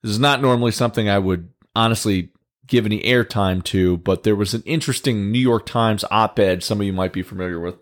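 A male political commentator talks through the news in a casual, conversational way. His voice is on the low side, and he drops in wry, sarcastic asides.

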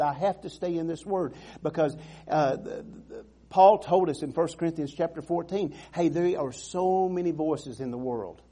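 A man's voice: on the high side, warm tone. A man preaching a sermon in an earnest, emphatic way, repeating phrases and restarting sentences.

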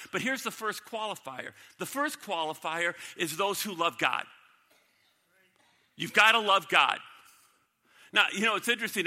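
In a church sanctuary, a male pastor preaches emphatically, repeating key lines and questioning the congregation. His high-pitched voice is bright and forceful, and the large hall adds a long reverb.

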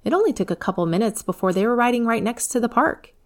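A woman's voice: on the high side, expressive, quick pace. Woman reading a children's story. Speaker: narrator.

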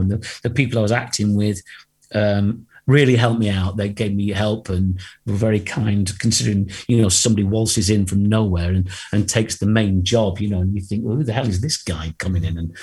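A man's voice: lowish voice, fairly quick, slightly rough. A middle-aged man, a guest singer, telling a long anecdote in a casual interview, acting out the voices of the people in it and laughing often. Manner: animated storyteller, acts out quoted voices, laughs often.

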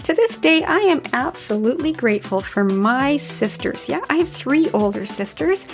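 A woman's voice: high-pitched, sing-song, normal speed, soft background music. A woman hosting a podcast, telling stories from her childhood in an earnest, folksy way. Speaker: podcast host. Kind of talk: personal reflective podcast talk.

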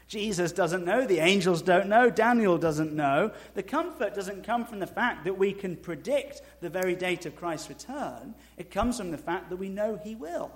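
Brief: male pastor, sermon, slightly higher voice, shifts from slow soft emphasis to loud high asides, dry humor. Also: lively intonation. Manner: conversational preaching with dry humor.

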